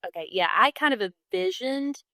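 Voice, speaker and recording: A woman's voice: high-pitched, big pitch swings, moderate pace, sharp tone, no echo, clean studio sound. A woman hosting a podcast, chatting casually and joking with her guest. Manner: joking, playful interjections. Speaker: podcast host.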